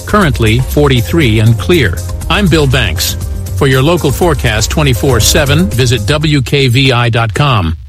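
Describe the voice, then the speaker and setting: A man reading a radio weather forecast in a crisp, even way. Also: medium pitch.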